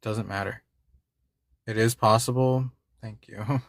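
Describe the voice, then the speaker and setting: A man's voice: lowish voice, fairly even intonation, takes it slowly, gravelly, no echo, clean studio sound. A man hosting a livestream, talking casually and with frustration to his chat, swearing and repeating himself. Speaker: livestream host.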